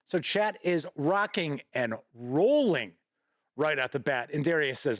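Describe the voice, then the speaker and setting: A man's voice: fairly high pitch, sing-song, measured pace, a bit bright, dry recording, studio quality. A man hosting a live-streamed gaming news show, chatty and folksy, greeting viewers by name and reading out news. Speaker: host.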